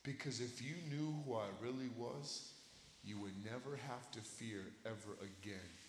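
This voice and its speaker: A young man preaching a sermon to a room of kids, impassioned, swinging from shouting to a hush. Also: medium pitch, measured pace, reverberant, long reverb tail, slight background noise. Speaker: youth preacher.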